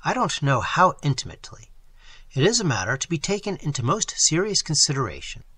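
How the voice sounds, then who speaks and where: A man's voice: on the high side, big pitch swings, fairly quick, bright, forceful tone, husky, no room sound, full character voice. A man reading a mild, fussy, scholarly older male professor in an audiobook.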